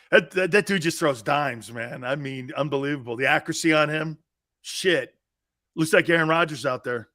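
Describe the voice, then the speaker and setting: A man hosting a sports talk show, ranting with mock excitement and sarcasm and breaking into shouts. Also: fairly high pitch, moderate pace. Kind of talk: sports talk radio rant.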